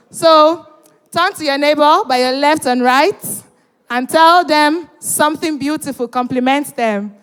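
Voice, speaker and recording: A high-pitched woman emcees a live event into a handheld mic. She is animated and playful, coaxing the crowd to answer and cheer. Her voice rings out with the long reverb of a big hall. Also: normal speed. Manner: animated, teasing, urging the crowd. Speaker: event host. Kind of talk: hosting a live event, bantering with the audience.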